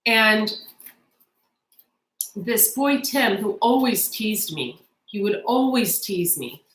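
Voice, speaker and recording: A woman in her forties talks straight to her viewers in a chatty, emotional tarot reading that drifts into a personal story. Her voice sits at an ordinary middle pitch, and the room around her is echoey. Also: animated, slow, fairly bright tone. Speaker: tarot reader.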